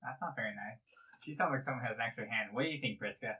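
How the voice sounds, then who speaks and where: A man playing a tabletop game, joking in a dry, deadpan way. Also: medium pitch, quick pace, breathy edge, poor audio. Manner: joking, deadpan, playing up his character's greed. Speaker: player. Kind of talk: casual tabletop game chat.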